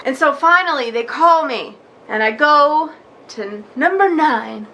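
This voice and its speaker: Bright, high-voiced chatty young woman. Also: slow. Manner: chatty, animated, acts out quotes with many likes. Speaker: vlogger. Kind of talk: casual storytelling vlog.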